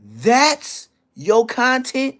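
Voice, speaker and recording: A man telling a story in an animated way, full of profane street slang. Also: very high voice, drawn-out words. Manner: profane slang, acts out others' lines.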